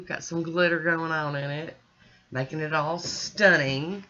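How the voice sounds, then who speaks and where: A woman's voice: deep voice, steady tone, a little slow, sharp tone, muffled recording. A woman hosting her own nail art channel, chatting casually through each step of a painting tutorial in voice-over.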